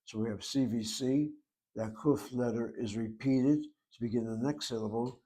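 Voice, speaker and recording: A male teacher, taking his time through a grammar lecture and repeating each point so it sticks. His voice sits at an ordinary middle pitch, calm and steady. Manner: slow, deliberate explanation with repetition. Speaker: Hebrew teacher.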